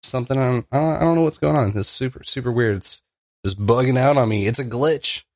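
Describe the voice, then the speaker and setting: A man co-hosting a casual podcast, talking haltingly with lots of fillers while he sorts out the tech. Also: mid-range voice, darkish tone, no echo, studio quality. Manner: hesitant, many fillers while fiddling with tech. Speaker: podcast co-host.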